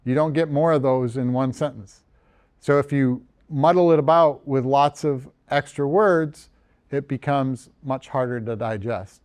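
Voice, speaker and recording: Talking over slides, a U.S. journal editor lectures in a casual, self-deprecating style, often saying um and starting sentences over. He has a mid-range, darkish voice and takes his time.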